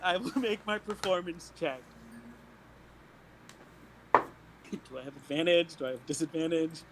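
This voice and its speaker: A man playing a tabletop role-playing game, playful and quick to laugh, often restarting his sentences. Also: fairly high pitch, expressive, very noisy. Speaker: player.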